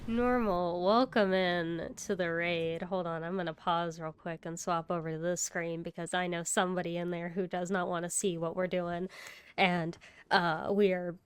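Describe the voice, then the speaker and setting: Woman streamer, sleepy and talkative, smooth voice, dry close sound. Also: lowish voice, fairly even intonation, normal speed, no echo. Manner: chatty, yawning, laughs often, greets chat by name. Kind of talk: casual live-stream chat while gaming.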